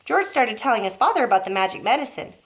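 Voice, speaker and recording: Expressive woman reading aloud to kids. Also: a little high, fast. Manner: expressive, showing pictures as she reads. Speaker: teacher. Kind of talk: reading a picture book aloud to children.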